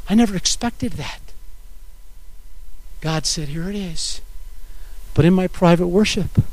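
High-voiced preaching man, dry sound. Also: dry recording. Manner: dramatic, swinging from shouts to hushed tones. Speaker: pastor. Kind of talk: sermon.

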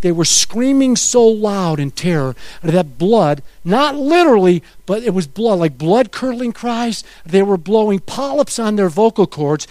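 A middle-aged male pastor preaching a sermon, dramatic, swinging from shouts to hushed tones. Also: high-pitched, no room sound.

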